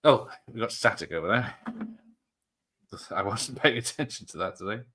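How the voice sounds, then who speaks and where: A man's voice: lowish voice, animated, moderate pace, fairly bright tone, slightly rough. A man hosting a casual film watch-party stream, joking, laughing often and swearing freely. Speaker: stream host.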